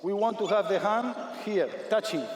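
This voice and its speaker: High-voiced man coaching in an echoey arena. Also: normal speed, slight background noise. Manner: energetic, repetitive commands, non-native English. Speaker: basketball coach. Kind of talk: on-court coaching demonstration. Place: large sports arena.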